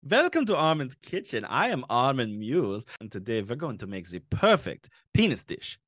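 A man's voice: medium pitch, big pitch swings, normal speed, fairly bright tone, no room sound. A man putting on a hammy, upbeat male cooking-show chef with showy presenter patter. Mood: hammy cheerful.

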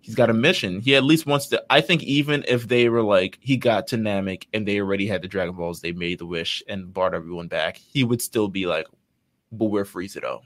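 A man co-hosting a casual fan podcast, laid-back and quick to laugh as he retells scenes. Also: on the low side, a bit bright. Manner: laid-back, laughs often, acts out characters' lines. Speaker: podcast co-host.

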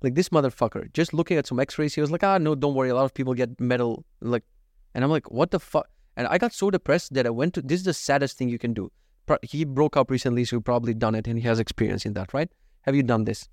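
A man's voice: mid-range voice, quick pace, darkish tone, no echo, clean studio sound. A man in his thirties telling stories in a casual chat, laughing and swearing, going off on tangents. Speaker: vlogger.

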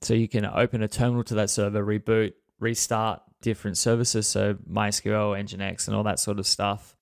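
Australian man, gravelly low voice, dry close mic, relaxed tech podcast co-host. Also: fairly quick, no room sound. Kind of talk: casual tech podcast chat.

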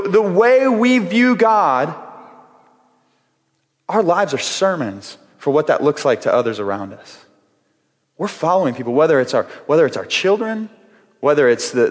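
A middle-aged man preaching in a church sanctuary, his voice a little higher than most men's. He talks earnestly and conversationally, often stumbling and restarting his phrases as he presses a point. His voice rings with the long reverb of a large hall. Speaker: pastor. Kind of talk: sermon.

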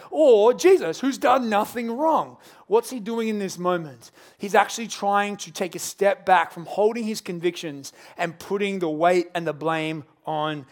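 A male pastor preaching a sermon, telling the story in an animated way and acting out its scenes. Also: sits high.

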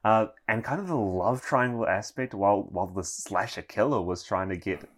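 A man's voice: fairly low pitch, normal speed. A man in a comedic review chat who hesitates, stammers and politely defers. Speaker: film reviewer.

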